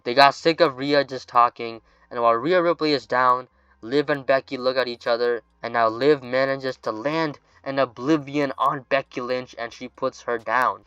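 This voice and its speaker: A fantasy booking narrator speaks casually in a bright, crisp, medium-pitched voice, dropping in offhand asides. The recording sounds dull and lo-fi, dry and close, with no room sound.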